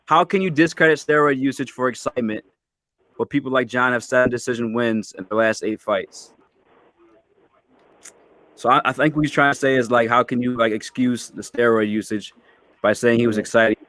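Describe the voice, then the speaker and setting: Man, mid pitch, dry close sound, laid-back, swears freely, podcast host. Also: steady tone, normal speed, a bit bright, no echo. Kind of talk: casual podcast chat.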